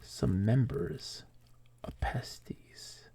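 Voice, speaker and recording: A male streamer playing a text adventure live, reading the game text aloud and telling rambling, animated stories with lots of fillers. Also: medium pitch, extremely slow, gravelly, in a whisper.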